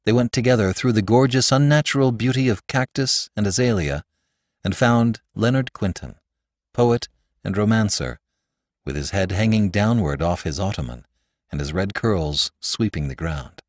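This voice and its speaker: Expressive male audiobook narrator. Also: fairly low pitch, moderate pace, dry recording, studio quality. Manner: expressive, dramatic reading. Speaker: narrator and podcast host.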